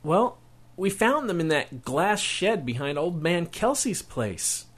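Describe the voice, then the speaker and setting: A man's voice: high voice, big pitch swings, fairly bright tone, breathy edge, pitched above the performer's own voice, exaggerated voice. A man reading aloud and voicing a ten-year-old boy who pleads and whines in a rush of words. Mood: pleading. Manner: whiny, pleading, rushes his words.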